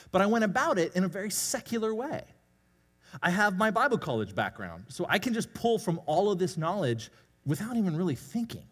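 Male pastor, casual confessional sermon, animated delivery, big church reverb. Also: high-pitched, brisk. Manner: candid, self-deprecating, conversational preaching. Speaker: youth pastor. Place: church sanctuary. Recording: long hall reverb.

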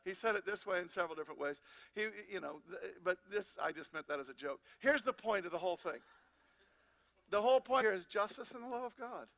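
Pastor guy preaching, pretty high voice, lots of "you see it?" questions. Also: fast. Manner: animated preaching, rhetorical questions, reads scripture aloud. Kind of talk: sermon.

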